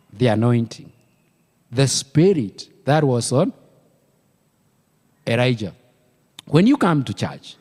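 A man's voice: high-pitched, a little mellow, big-room sound. A man with a Kenyan accent preaching a sermon as pastor, emphatic and repeating key words for weight. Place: church.

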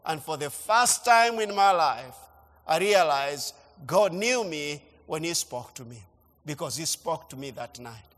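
High-voiced pastor preaching in a hall. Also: male voice, lively intonation, measured pace, fairly bright tone. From Kenya. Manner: emphatic, repeats phrases, rising and falling delivery. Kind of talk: sermon. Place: church.

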